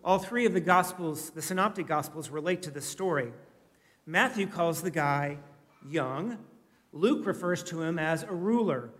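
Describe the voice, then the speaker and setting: A man's voice: a little high, fairly bright tone. A man preaching a sermon in a conversational, reflective way, now and then asking his listeners a question. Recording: reverberant hall.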